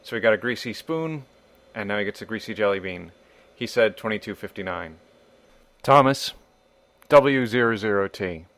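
A man's voice: on the low side, lively intonation, moderate pace, a bit bright, dry recording. A man hosting a podcast in a wry, irreverent monologue, swearing casually. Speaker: podcast host.

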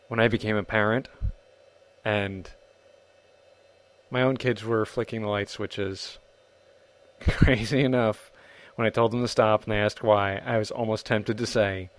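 A man's voice: on the low side, steady tone, normal speed. A man hosting a podcast and telling anecdotes in a chatty way, full of asides. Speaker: podcast host. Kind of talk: casual spoken storytelling.

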